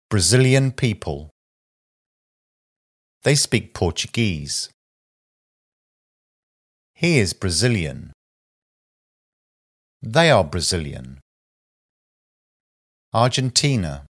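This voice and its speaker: Man, vocabulary drill reader, very slow pace, lively pitch that rises and falls. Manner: slow, deliberate enunciation of single words and short sentences. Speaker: language teacher.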